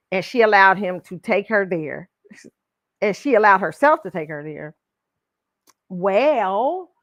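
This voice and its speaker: A woman's voice: medium pitch, no echo. A middle-aged woman hosting a pop culture commentary show, talking casually with features and laughing often as she tells stories. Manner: casual, animated storytelling with frequent laughs. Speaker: show host.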